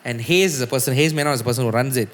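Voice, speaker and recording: A man tells stories as a guest musician on a casual podcast, animated and swearing freely. His medium pitch rings out with a long reverb tail. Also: very fast.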